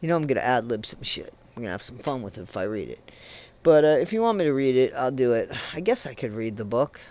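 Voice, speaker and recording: A man giving a ranting true crime commentary, indignant and emphatic, swinging between loud bursts and low muttering. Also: big pitch swings, quick pace.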